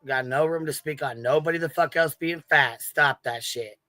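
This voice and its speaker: A man's voice: fairly high pitch, moderate pace, sharp tone, no echo, poor audio. A man hosting reaction commentary, mocking and swearing at a clip he is reviewing. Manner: mocking, profane, combative. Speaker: commentary host.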